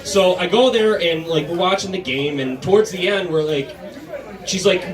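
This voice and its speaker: A young man doing stand-up, telling a long personal story in a conversational, deadpan way with many filler pauses. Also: sits high, over music. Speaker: stand-up comedian. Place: comedy club stage before a live crowd. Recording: echoey room, mic from a distance, crowd audible.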